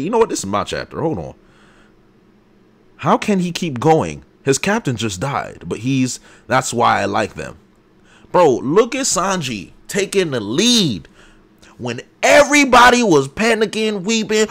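A young man hosting a live comic reaction, excitable and hype with loud outbursts. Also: fairly high pitch. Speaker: channel host.

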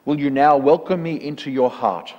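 Storybook demon, male, towering and cruel, loud and sneering demands, mid-pitched, long church echo voiced by a man reading aloud. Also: moderate pace, lo-fi sound, close to an everyday voice. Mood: menacing.

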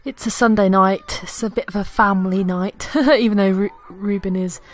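A gaming YouTuber, she's a young woman with a mid-range voice, fairly even intonation, and a moderate pace. She casually narrates her life-simulation game as a Let's Play, giggling and speaking to her characters. Sound comes from a desktop USB mic, with faint game music in the background.

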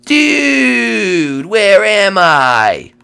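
A man's voice: high voice, huge pitch swings, extremely slow, creaky, pushed and bright, clean tone, exaggerated voice. A man doing a drawling surfer-dude dinosaur. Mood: laid-back. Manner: drawling slacker slang, says dude constantly. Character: laid-back surfer-dude male dinosaur thawed from ice. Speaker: Minecraft role-play player.

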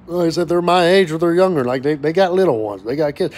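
A fired-up man in his thirties rants to camera, his voice pitched high for a man. He swears constantly, doubles back and restarts his words, and keeps the heat of a worker venting. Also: fast talker, a little mellow. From West Texas. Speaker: oil and gas worker vlogger. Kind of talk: angry profane rant to camera.

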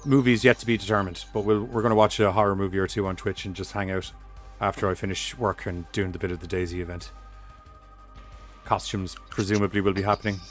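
A man's voice: low-pitched, steady tone, brisk. A man hosting a horror podcast, chatting loosely and swearing freely, with some music playing faintly behind him. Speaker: podcast host. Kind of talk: casual horror podcast chat.

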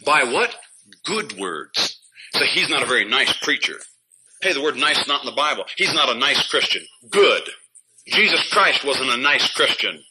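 A pastor preaching a fiery sermon in a church, scolding his listeners and bursting out loud now and then between chuckles. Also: mid-range voice, big pitch swings, moderate pace. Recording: noisy old sermon recording.

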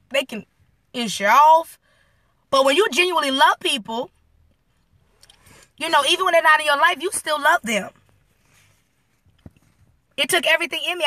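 Woman live streaming an inspirational talk off her phone, high bright voice, dry close sound. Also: dry recording. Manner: animated, preacherly, talks straight to viewers. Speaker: live-stream host and motivational speaker.

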